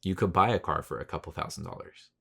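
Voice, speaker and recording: A man in his thirties with a low, deep voice, hosting a solo podcast in a loose, rambling way. He swears freely, talks in slang, and gets loud and worked up when he rants. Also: fast, gravelly, slightly rough. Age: 30s. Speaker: podcast host. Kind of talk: casual solo podcast monologue.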